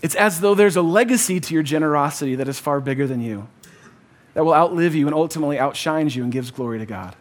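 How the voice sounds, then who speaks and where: A married pastor with a fairly high, expressive voice talks fast as he preaches, keeping it conversational yet emphatic. He repeats key phrases, calls on the congregation to answer back, and sprinkles in "like" and "kinda."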